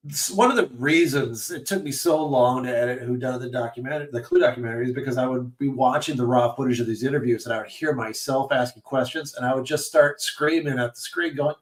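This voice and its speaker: A man co-hosting a podcast in casual chat, animated and self-mocking, often trailing off mid-sentence. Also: mid-range voice, fast talker, far from the mic. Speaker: podcast co-host.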